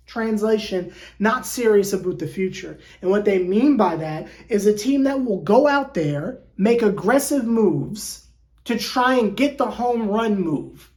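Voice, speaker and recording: A woman hosting a sports fan channel, venting in an animated, exasperated way with lots of stumbling repeats. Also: mid-range voice, unhurried. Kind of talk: casual fan rant to camera.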